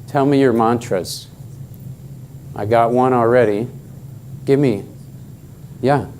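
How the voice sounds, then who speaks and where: A man's voice: mid-range voice, takes it slowly, a little mellow, slight background noise. A middle-aged man giving a workshop talk at a conference, emphatic and joking with the audience. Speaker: conference speaker.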